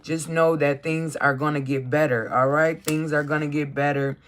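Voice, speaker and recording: A card reader hosts a live stream in a loose, chatty way. Affirmations are read out slowly, then talked through with lots of encouragement, nearly every line ending in a questioning "okay?". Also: medium pitch, steady tone, a bit bright, slight background noise. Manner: reads affirmations aloud slowly, then riffs on them.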